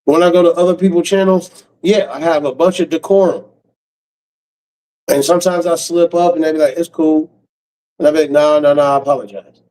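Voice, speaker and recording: A man's voice: fairly high pitch, steady tone, brisk, pauses often, mellow, poor audio. A man ranting on his stream in a blunt, harsh way, cursing freely. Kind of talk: profane casual rant.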